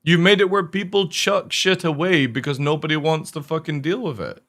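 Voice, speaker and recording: A man's voice: on the high side, normal speed, a bit bright. A man streaming a game, ranting casually about its design, swearing often and sounding exasperated. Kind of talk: profane casual rant while streaming.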